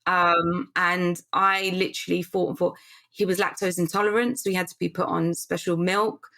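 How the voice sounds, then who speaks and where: A woman's voice: fairly low pitch, little pitch movement, moderate pace, creaky, sharp tone. A woman in her thirties, a podcast guest, telling her story candidly and earnestly, often restarting and acting out what people said. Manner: earnest, rambling with restarts and reenacted quotes. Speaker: podcast guest, business founder.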